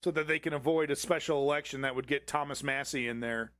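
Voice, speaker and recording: A man's voice: mid-range voice, fairly even intonation, fast talker, a bit bright, dry recording. A man hosting a livestream, reacting to a political clip with angry, profanity-filled ranting. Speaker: livestream host.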